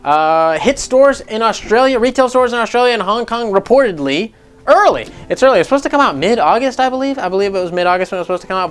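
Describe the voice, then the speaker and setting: Man, gaming news host, casual rambling commentary, sarcastic, profane, slightly higher-pitched voice. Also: clean tone. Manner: rambling, sarcastic, swears freely.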